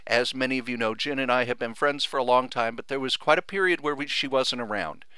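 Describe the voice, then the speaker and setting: A man's voice: mid-range voice, a little fast, bright, forceful tone, smooth, dry recording. A middle-aged man hosting a podcast, talking earnestly and sentimentally, thanking friends and getting emotional. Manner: earnest, rambling, grows emotional. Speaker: podcast host. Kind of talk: heartfelt thank-you monologue.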